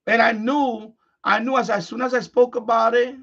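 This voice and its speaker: A man's voice: very high voice, steady tone, moderate pace, gravelly, fairly bright tone. A middle-aged man hosting a live stream, talking bluntly off the cuff, frustrated, repeating himself and restarting his sentences. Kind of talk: unscripted live-stream monologue. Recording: dull lo-fi stream audio.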